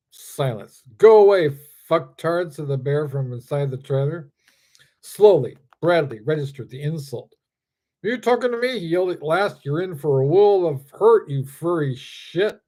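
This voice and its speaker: Man playing a dumb, brawny circus strongman; high, loud, broken grammar. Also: measured pace, close to an everyday voice. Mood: angry. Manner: talks of himself in the third person, crude broken grammar. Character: dim-witted hulking male circus strongman.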